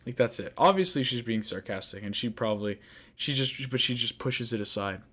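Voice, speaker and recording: A man's voice: mid-range voice, animated, brisk, fairly bright tone. A young man hosting a podcast, recapping an anime in a rambling, frustrated casual monologue full of fillers. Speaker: podcast host.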